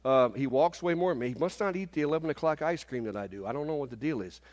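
A man in his fifties preaching a sermon in a church service, animated and often asking the congregation "Amen?". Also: a little high, fast talker, long reverb tail. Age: 50s.

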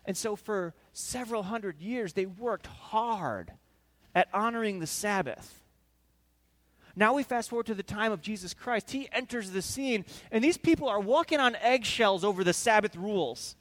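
Male preacher, high voice, animated storyteller in a sermon. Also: normal speed. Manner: animated storytelling, acting out scenes.

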